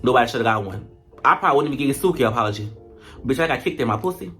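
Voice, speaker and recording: Profane, animated reality show reviewer. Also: mid-range voice, very fast, soft background music. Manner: animated, profane, dramatic retelling. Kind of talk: casual commentary vlog.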